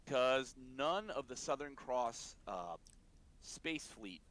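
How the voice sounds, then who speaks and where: A man's voice: medium pitch, expressive, slow pace, a bit bright. A man co-hosting a casual anime discussion podcast, filling in details and reflecting thoughtfully, with some hesitations. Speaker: podcast co-host.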